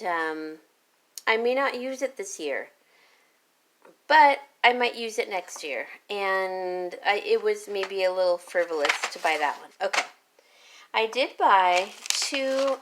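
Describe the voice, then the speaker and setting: A woman's voice: medium pitch, a bit bright. A woman vlogger chatting casually about a garden haul, rambling and correcting herself as she goes. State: hiccups. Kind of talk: casual chat.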